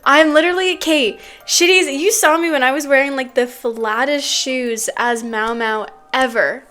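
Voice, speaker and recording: A woman's voice: sits high, steady tone, unhurried, sharp tone, faint music behind. A woman streamer chatting casually with her chat, giggling often and talking loosely with plenty of fillers. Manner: giggly, laughs often between sentences.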